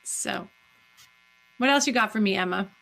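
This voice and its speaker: A woman's voice: medium pitch, normal speed, gravelly, fairly bright tone. A woman, a guest actress, chatting effusively in a live-streamed Q&A, with many fillers.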